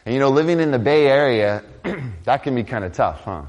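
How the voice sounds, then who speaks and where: A man preaching a conversational sermon as pastor, swinging between loud emphatic lines and quiet, low asides. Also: lively intonation, a little fast.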